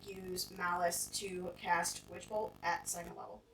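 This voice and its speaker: A woman's voice: lowish voice, level tone, measured pace, fairly bright tone, far from the mic, a little hiss or hum. A woman playing a tabletop game, chatty, swearing casually and asking rules questions. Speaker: player. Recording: roomy, from off-mic.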